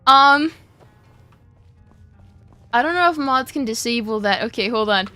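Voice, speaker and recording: A woman's voice: on the high side, expressive, measured pace, sharp tone, soft background music. A young woman streaming a game and chatting with her viewers, greeting them over and over, her speech a little muffled by a cough drop in her mouth. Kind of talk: casual live-stream chat while gaming.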